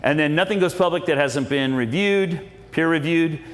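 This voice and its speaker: Guy speechifying to a crowd, folksy preacher vibe, kinda high voice, big echoey hall. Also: moderate pace. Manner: folksy, preacherly, with many repeated starts. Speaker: speaker at political meeting. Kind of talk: storytelling speech to a live audience. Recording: echoey hall with long reverb.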